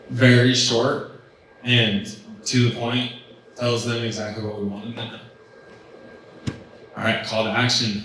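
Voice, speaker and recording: A man's voice: lowish voice, fairly even intonation, normal speed, long pauses, a bit bright. A man coaching a room of business owners in a loose, conversational way, full of ums and likes. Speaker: business coach presenting at a trade event. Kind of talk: casual workshop presentation. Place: large event room with an audience. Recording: very echoey hall, distant mic, faint hiss.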